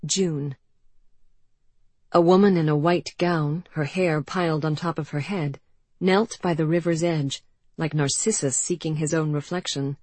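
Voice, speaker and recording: An audiobook narrator reading a period novel in a measured, expressive way. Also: medium pitch, no echo. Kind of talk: scripted narration.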